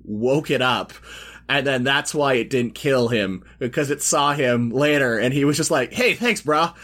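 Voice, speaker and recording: A man co-hosting a film podcast, rambling excitedly through his theories with lots of fillers. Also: mid-range voice, normal speed. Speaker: podcast co-host. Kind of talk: casual film discussion.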